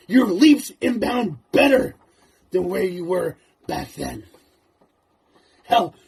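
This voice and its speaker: A man with a high-pitched voice cuts a trash-talking wrestling promo. There is a gravelly rasp under his menacing, profane taunts, with a faint hiss of noise behind him.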